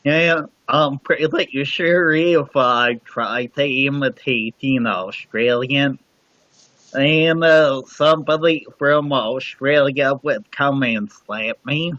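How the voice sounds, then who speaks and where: A man's voice: medium pitch, slow, a bit bright, dry recording. A man joining a casual livestream chat as a guest from home, easygoing and laid-back. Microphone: computer mic on a livestream. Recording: dull, dry lo-fi stream audio.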